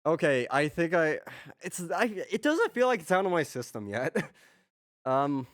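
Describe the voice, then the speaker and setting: A man's voice: a little high, big pitch swings, a little slow. A man streaming as he writes music, talking casually to himself, muttering, trailing off and restarting his thoughts. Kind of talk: casual thinking aloud while working.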